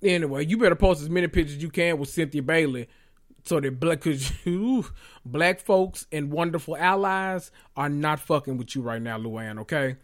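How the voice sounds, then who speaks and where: A man hosting a podcast, recapping reality TV in a loud, profane, animated way with sudden high squeals. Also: normal speed. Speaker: podcast host.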